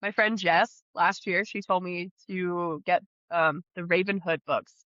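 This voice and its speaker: A woman co-hosting a book podcast in casual chat, giggling often and speeding up when excited. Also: on the low side, a little slow, dry recording. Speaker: podcast co-host. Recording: slightly dull lo-fi audio.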